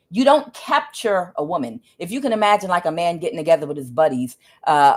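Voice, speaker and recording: A woman's voice: on the low side, expressive, brisk, hardly any pauses. A woman giving a casual tarot reading, talking emphatically and often checking in with "okay?". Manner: emphatic, keeps asking "okay?", ranting asides. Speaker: tarot reader.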